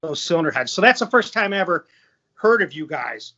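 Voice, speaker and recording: A man's voice: on the high side, sing-song, a little fast, sharp tone, highs cut off. A man hosting a casual interview, easygoing and plain-spoken. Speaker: host.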